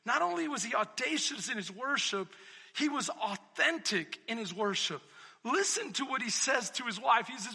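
A male pastor preaching a sermon, moving between shouted, emphatic passages and hushed, intimate reflection. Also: very high voice, animated, normal speed, gravelly, in a large hall.

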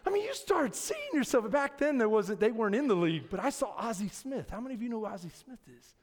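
Speaking at a quick pace in a very high voice, this middle-aged man preaches as pastor to a congregation gathered in a church sanctuary. His storytelling is animated, punctuated by calls to the congregation, all echoing with a big hall's lingering reverb.

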